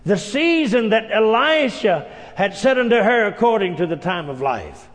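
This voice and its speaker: A man's voice: sits high, big pitch swings, moderate pace, big-room sound. A man preaching a sermon, telling folksy stories and punctuating them with amens. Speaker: pastor.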